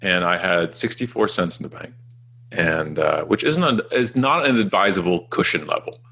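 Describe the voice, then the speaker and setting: A man in his forties, a guest telling his career story in a self-mocking, animated way with frequent restarts. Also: deep voice, normal speed, breathy edge. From Canada. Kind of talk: casual storytelling interview.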